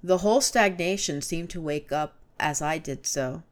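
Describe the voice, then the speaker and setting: A woman reading a classic story aloud as narrator, measured and storytelling. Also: low voice. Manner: measured, storytelling, rising to urgent shouts in dialogue.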